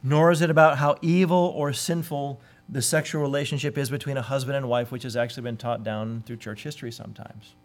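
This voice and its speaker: A man's voice: medium pitch, steady tone, fairly quick, few pauses. A man preaching a sermon in an earnest way, sometimes acting out the voices he quotes. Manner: earnest, acts out quoted voices with sudden lifts. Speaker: pastor.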